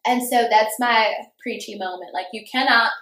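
A woman's voice: a little high, moderate pace, fairly bright tone. A young woman telling a story in casual chat, acting out quotes and swearing freely. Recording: roomy echo.

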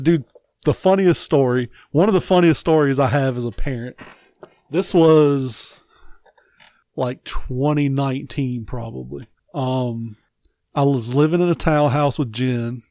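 A man's voice: medium pitch, darkish tone, dry recording, clean studio sound. A man co-hosting a podcast in casual chat, telling long profane stories in a rambling way. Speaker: podcast co-host.

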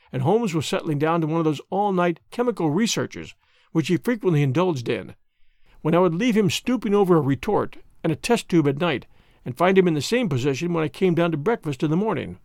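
A man narrating a classic story in a measured, expressive reading. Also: on the high side, vocal fry, no room sound, studio quality. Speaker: narrator of an audiobook.

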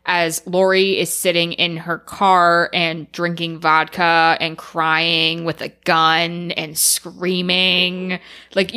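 A woman co-hosting a podcast, retelling movie scenes casually and often saying "like". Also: lowish voice. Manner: casual, lots of "like", animated retelling. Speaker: podcast co-host.

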